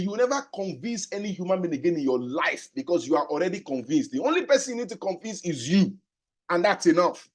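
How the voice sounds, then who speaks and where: A man giving a motivational sales training talk, emphatic, repeating key phrases and asking rhetorical questions. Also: sits high. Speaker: sales and business coach.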